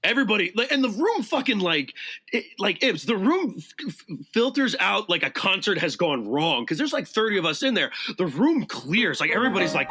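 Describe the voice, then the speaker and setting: A man, a podcast guest, telling a rowdy story in casual chat, animated and profane, acting out the quotes. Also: sits high, fairly quick, breathy edge, soft background music.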